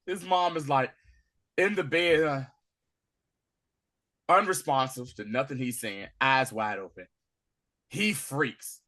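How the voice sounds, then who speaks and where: A man hosting a casual recap, acting out scenes with slang and swings from loud to hushed. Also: medium pitch, slow, pauses often. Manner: acts out scenes in dramatic voices, swinging from shouting to hushed; profane, street slang. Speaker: podcast host recapping a TV episode.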